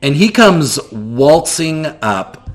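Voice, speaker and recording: A man's voice: a little high, slow pace. Laid-back male game master. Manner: relaxed, descriptive, many fillers. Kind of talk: narrating a tabletop game.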